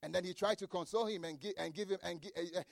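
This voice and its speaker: A man preaching a sermon as pastor, reading scripture slowly and breaking into shouts for emphasis. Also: high voice, steady tone, gravelly, no echo, clean studio sound. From grew up outside the United States, across the Atlantic.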